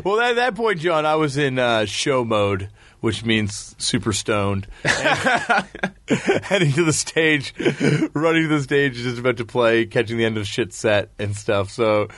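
A man's voice: mid-range voice, sing-song, unhurried, a bit bright, no room sound. A man in casual chat, telling long rambling anecdotes and laughing often. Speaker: podcast guest, musician.

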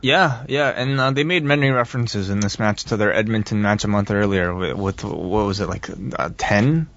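A man's voice: fairly low pitch, moderate pace, a bit bright, dull audio. A man co-hosting a casual chat, agreeable, adding short remarks. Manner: agreeable, short backchannel replies. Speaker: podcast co-host.

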